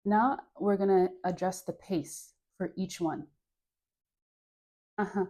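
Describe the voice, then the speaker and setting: A woman with a Caribbean accent leading a guided dance class, relaxed and playful, counting moves and sighing through deep breaths. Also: a little slow. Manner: playful, laughs at her own jokes. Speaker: dance instructor.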